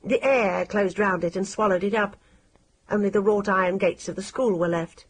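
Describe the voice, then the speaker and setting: A woman reads an audiobook aloud in a measured, expressive way. Her voice sits at a middle pitch with a breathy, slightly husky edge. The delivery is steady scripted narration.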